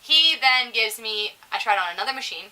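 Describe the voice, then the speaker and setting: A young woman co-hosting a casual podcast, telling lively stories with lots of swearing and acted-out quotes. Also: a little high, fairly quick, distant mic, rough recording. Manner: animated, swearing, acts out quoted voices. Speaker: podcast co-host. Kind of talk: casual storytelling chat.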